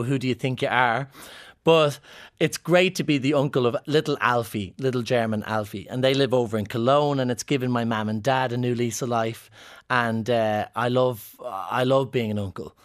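A man's voice: mid-range voice, steady tone, normal speed. A man with an Irish accent chatting in an interview, telling playful, joking anecdotes as a comedian guest. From Ireland. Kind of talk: casual interview chat.

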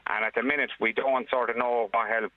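An Irish father speaking earnestly on a radio phone-in, with plain, halting restarts. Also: mid-range voice, fairly even intonation, no room sound. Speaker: caller, father. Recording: dry tinny phone line.

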